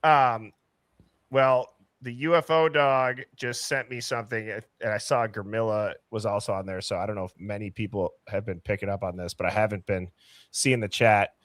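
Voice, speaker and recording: A man's voice: on the low side, steady tone, moderate pace, a bit bright, dry recording, studio quality. A man hosting a live stream, chatting casually and thinking aloud as he reads comments. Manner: easygoing, thinks aloud while reading chat. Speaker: host.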